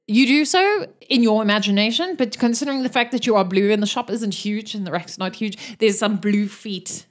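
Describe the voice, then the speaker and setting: A woman's voice: mid-range voice, fairly quick. A woman running a tabletop game as game master, describing scenes with many fillers.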